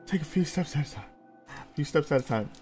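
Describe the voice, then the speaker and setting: A man's voice: fairly high pitch, expressive, fairly quick, mellow, faint music behind. A young man giving nervous, jittery let's-play commentary on a horror game, talking to himself with frequent yelps and nervous laughter. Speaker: gaming creator.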